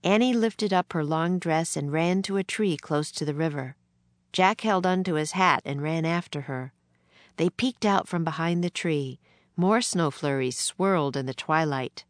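Low voiced woman reading a kids story slow and gentle, dry close sound. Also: dry recording. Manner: slow, gentle read-aloud pacing. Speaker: narrator.

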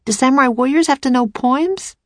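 A woman's voice: high-pitched, a little fast, no room sound, pitched above the performer's own voice, close to an everyday voice. A woman doing a nervous, hesitant boy. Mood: anxious. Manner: anxious, hesitant. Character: young boy, nervous and unsure.

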